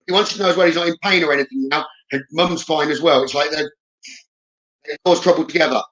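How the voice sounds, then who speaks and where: A man giving a live psychic reading at a rapid pace. His voice is bright and sits slightly high. He relays messages in a steady, reassuring way and keeps checking in with his listener. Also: lo-fi sound. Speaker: psychic medium. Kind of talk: live-streamed spirit reading.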